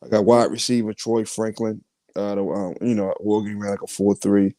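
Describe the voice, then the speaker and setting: A man with a low, mellow voice hosts a podcast and runs through his draft picks one by one. He talks casually and haltingly, with plenty of "uh" and "um" and the odd cough. The sound is dry and close. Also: little pitch movement, no echo. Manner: halting, many fillers and coughs. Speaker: podcast host. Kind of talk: casual chat reading mock draft picks.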